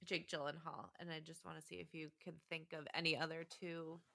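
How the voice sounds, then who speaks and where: Gravelly, bright-voiced woman podcast host. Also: deep voice, level tone, fairly quick. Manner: chatty, laughs often, trails off with fillers. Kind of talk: casual movie podcast chat.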